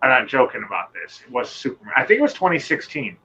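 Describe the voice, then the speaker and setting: On a live show, a Michigan man appears as a guest and tells a story about a nighttime encounter, rambling and swearing as he acts out the voices of the people involved. His mid-range voice is quick, breathy at the edges, bright and forceful. The audio is dull and lo-fi, like an online call.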